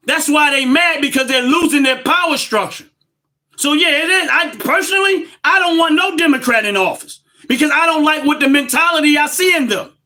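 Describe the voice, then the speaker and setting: A man, hosting a livestream and ranting about politics loudly and emphatically, repeating his points. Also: very high voice. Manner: loud, emphatic and repetitive, laughs between points. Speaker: livestream host.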